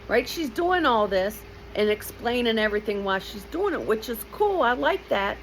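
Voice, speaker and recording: A woman in her fifties telling a personal story in a lively, blunt way, with emotional asides to the listener. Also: on the high side, normal speed, hardly any pauses, a little hiss or hum, low-quality recording.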